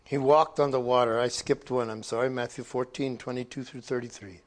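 A man's voice: medium pitch, steady tone, fairly quick. A man leading a sermon, who talks about the scripture readings in a conversational, earnest way and repeats words for emphasis. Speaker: preacher. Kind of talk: sermon commentary.

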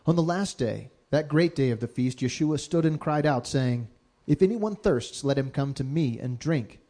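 Male scripture reader, dark mellow tone, steady measured delivery, Bible reading aloud. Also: mid-range voice.

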